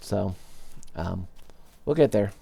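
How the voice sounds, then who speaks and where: A man casually commenting on his own game play as a let's-play host, relaxed and rambling. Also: lowish voice, slow, creaky. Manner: relaxed, rambling, with many fillers. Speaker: gaming video host.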